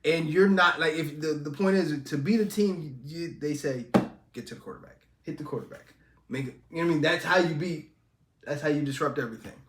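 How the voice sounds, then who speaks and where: A man's voice: on the high side, a little fast, a bit bright, echoey room. A man co-hosting a podcast, chatting casually about football, rambling, emphatic and laughing often. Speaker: podcast co-host. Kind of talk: casual sports chat.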